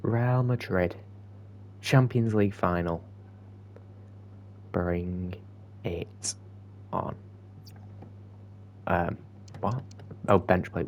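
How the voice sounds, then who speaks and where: A young man talks over his football game in an unhurried, lowish voice, dropping to muttered asides and then bursting out when a play excites him. A faint hum sits behind him in the recording. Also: creaky. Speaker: gaming YouTuber. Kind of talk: gameplay commentary.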